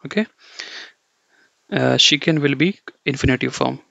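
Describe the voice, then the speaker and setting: A man's voice: medium pitch, unhurried, vocal fry, sharp tone, no echo. A man teaching an online German lesson, explaining step by step with frequent checks like "okay" and "you know". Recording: dull, lo-fi dry recording.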